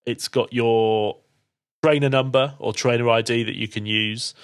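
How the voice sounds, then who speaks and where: A man narrates a tabletop role-play as game master. His voice sits at a middle pitch and he keeps a relaxed, jokey manner. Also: measured pace, clean tone.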